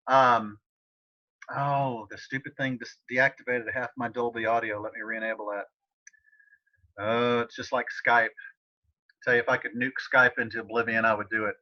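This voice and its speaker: A man's voice: mid-range voice, fairly even intonation, moderate pace. A man teaching a Spanish class over a video call, talking casually and encouragingly to students by name. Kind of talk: online class tutoring session. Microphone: computer mic on a video call. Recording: slightly dull video call audio.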